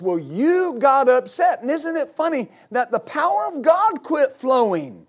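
A middle-aged male pastor giving a sermon, telling stories with loud exclamations and laughter. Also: very high voice, big pitch swings, measured pace.

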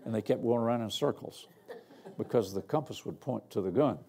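A man's voice: mid-range voice, a little fast, crowd noise. An older man, a guest pastor preaching a sermon in a folksy, humorous, storytelling way. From Arkansas. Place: church.

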